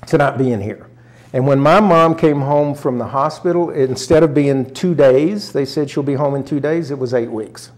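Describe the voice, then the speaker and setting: An older man from rural Arkansas, appearing as an interview guest, earnestly tells a personal story and often gets choked up. He acts out the voices of family members he quotes, speaking at normal speed in a medium-pitched, slightly mellow voice.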